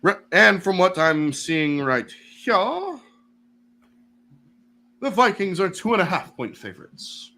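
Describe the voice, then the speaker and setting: Male co-host, sports chat, bright tone, unhurried jokey delivery. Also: sits high, very animated. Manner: jokey, puts on playful British phrases. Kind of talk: casual sports picks chat.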